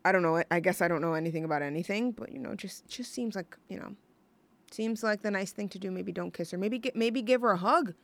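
A woman's voice: medium pitch, fast, gravelly, no echo. Rambling young woman radio host. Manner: rambling, gushing, self-interrupting with fillers. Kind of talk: casual solo radio chat.

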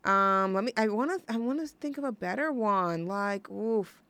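A young woman hosts a college radio show solo, her mid-range voice bright and forceful at a moderate pace. She gushes and rambles, full of fillers and restarts, and the recording has no room sound.

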